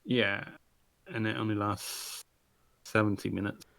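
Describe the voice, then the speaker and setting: A man with a gravelly, fairly low voice talks through a plan with his gaming group. He thinks aloud, trails off and picks up again. His voice sounds close and dry. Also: fairly even intonation, measured pace, fairly bright tone, no echo. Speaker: tabletop game player. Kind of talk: casual planning talk at the game table. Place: home, online voice chat.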